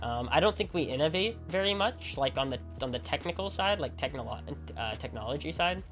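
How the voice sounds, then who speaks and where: A man's voice: fairly high pitch, expressive, fairly quick, fairly bright tone, faint music behind. Rambling man chatting with his stream. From Alabama. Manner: rambling, heavy use of "like", frequent restarts. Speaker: game streamer. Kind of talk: casual chat with viewers while gaming.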